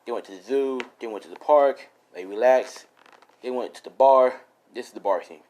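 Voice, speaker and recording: Man, casual fan-story narrator, mid-pitched, loose and rambling. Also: moderate pace, darkish tone, rough recording. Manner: rambling, full of fillers and restarts. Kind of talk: improvised fan-fiction storytelling.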